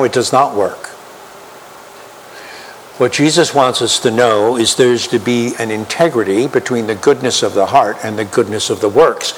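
A man preaching a sermon as pastor, emphatic and slow, asking the congregation rhetorical questions. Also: medium pitch. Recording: long hall reverb, faint room noise.

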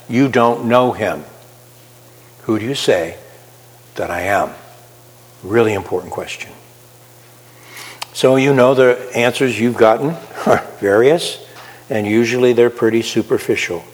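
A man preaching a sermon, talking conversationally and putting questions to his listeners. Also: mid-range voice. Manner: conversational, asks the audience questions. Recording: reverberant hall.

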